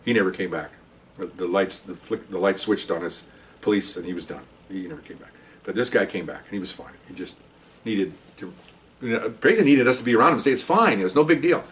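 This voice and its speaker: Man, retired cop storyteller, quick talker, lively voicing of others, slightly distant mic. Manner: animated, acts out other people's lines with raised pitch. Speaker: retired police officer telling stories. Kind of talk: casual storytelling monologue.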